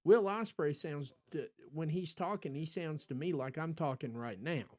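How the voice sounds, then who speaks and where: American guy rambling on his podcast stream, lots of ums, chatting back to viewers, slightly high voice. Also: moderate pace, a little mellow. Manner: rambling, talks back to chat, frequent ums. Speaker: podcast host. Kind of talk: casual livestream chat.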